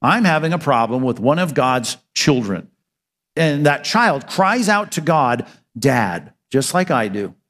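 A man's voice: fairly high pitch, lively intonation, a little slow, a bit bright. Preaching man in a reverberant hall. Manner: conversational preaching, asks and answers his own questions. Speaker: pastor. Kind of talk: sermon.

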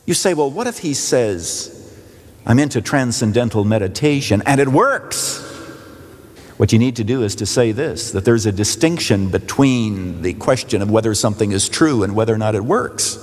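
A man's voice: lowish voice, expressive, normal speed. A man preaching a sermon as a pastor, speaking emphatically and asking rhetorical questions in a church sanctuary. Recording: long hall reverb.

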